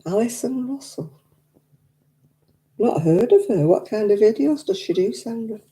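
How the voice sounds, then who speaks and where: A craft live-stream host knits in her living room, chatting casually, rambling and laughing often as she reads viewer comments into a desk mic. Her voice is on the high side, expressive, mellow, and a little slow.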